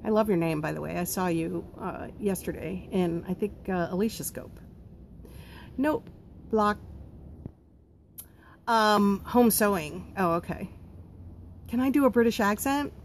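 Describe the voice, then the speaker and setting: A woman's voice: mid-range voice, measured pace, gravelly, long pauses, a little hiss or hum. Blunt, chatty woman live-stream host. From not from Pennsylvania. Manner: blunt, chatty, frequent ums. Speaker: home baking business host. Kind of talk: live-stream chat answering viewer comments.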